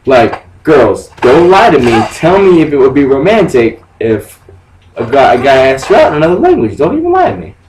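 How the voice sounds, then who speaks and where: A young man rambles through his gameplay commentary, cursing freely and cracking jokes. His voice sits at an everyday middle pitch. He sounds set back from the mic, with clear background noise running under everything. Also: big pitch swings, fairly quick, a little mellow, far from the mic, low-quality recording. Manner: profane, rambling, jokey. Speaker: let's play gamer.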